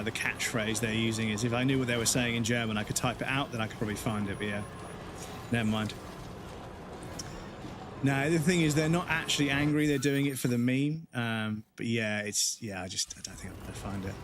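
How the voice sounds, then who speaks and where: A man's voice: mid-range voice, quick pace, noisy background. A man live-streaming a video game, chatting casually and rambling through stories, swearing often and laughing as he talks. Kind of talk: casual live-stream chat while gaming. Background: game music.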